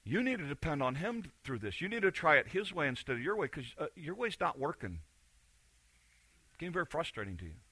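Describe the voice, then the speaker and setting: A man's voice: a little high, big pitch swings, brisk, pushed and bright, husky, no echo. A man preaching a sermon in a conversational, emphatic way, repeating key phrases. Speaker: pastor.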